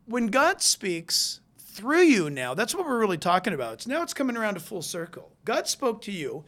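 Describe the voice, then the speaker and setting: A preacher delivering a sermon, moving between hushed, intense stretches and loud, emphatic ones. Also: mid-range voice, wildly swooping pitch, normal speed, few pauses.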